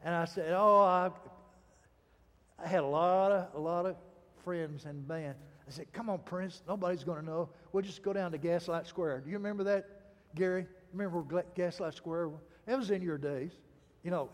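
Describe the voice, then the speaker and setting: Male pastor, high voice, storytelling sermon, dramatic pauses, reverberant hall sound.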